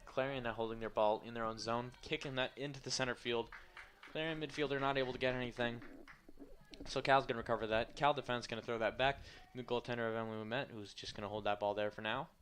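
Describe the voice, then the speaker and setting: Quick-talking tired young man calling soccer. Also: medium pitch, fairly even intonation, fairly bright tone, slight background noise. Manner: fast, loose play-by-play with joking asides. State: tired, yawning. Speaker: play-by-play commentator. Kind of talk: live sports commentary.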